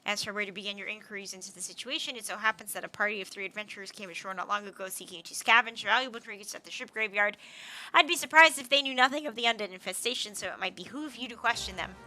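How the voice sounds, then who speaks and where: A woman's voice: mid-range voice, quick pace, pushed and bright, poor audio. A woman voicing a formal quest-giver who speaks in old-fashioned phrasing.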